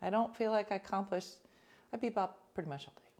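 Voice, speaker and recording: A woman telling stories to her listeners in casual chat, animated and talkative, sometimes dropping into whispers for asides. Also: medium pitch, fast talker, slight background noise. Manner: chatty, animated, drops into whispers for quoted asides.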